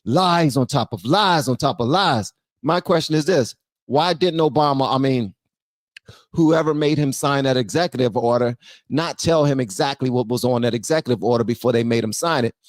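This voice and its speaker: A streamer reacting to a clip in casual, slangy commentary, excitable and often cutting in. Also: mid-range voice, dry recording, studio quality.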